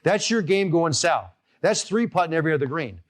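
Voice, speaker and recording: Golf coach guy w a higher voice, pumped up, hammering points home in an online lesson. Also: a little fast. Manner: energetic, emphatic, keeps asking "okay?". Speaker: golf instructor and show host.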